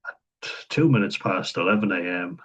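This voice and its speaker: A man's voice: deep voice, expressive, normal speed, fairly bright tone, breathy edge, highs cut off. An Irish man talking through a series in casual commentary, blunt and chatty, acting out the quoted lines as he goes. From Ireland.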